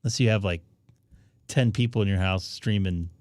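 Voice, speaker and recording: A man hosting a casual live stream about amateur radio, chatting to viewers while he troubleshoots his setup out loud. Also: low-pitched, normal speed, no room sound.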